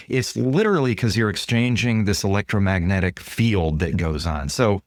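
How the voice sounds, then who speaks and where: A man, a guest author and consultant, explaining ideas in an interview with lively stories. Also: fairly low pitch, normal speed, few pauses, no room sound, clean studio sound. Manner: animated, acts out dialogue in quoted voices. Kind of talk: storytelling interview answers.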